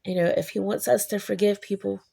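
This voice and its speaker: A woman talking casually to camera, rambling and halting with many restarts, earnest and quietly emotional. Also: medium pitch, steady tone, gravelly, husky. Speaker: vlogger. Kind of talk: casual personal talk.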